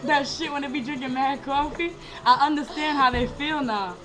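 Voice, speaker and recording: A young woman chatting fast and giddy into a home webcam, rambling, cursing and laughing, wired on coffee. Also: high-pitched, music in the background, poor audio. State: over-caffeinated. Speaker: vlogger. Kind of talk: hyper casual webcam chat. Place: room at home.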